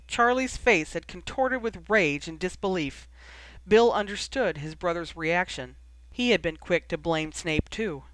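A reader narrating fan fiction in a measured, steady way. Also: mid-range voice, no room sound. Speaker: audiobook reader.

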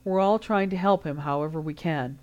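A woman reader voicing a quiet, gentle grown man, a former teacher, in an audiobook story, speaking in a measured way. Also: low-pitched, highs cut off, close to an everyday voice.

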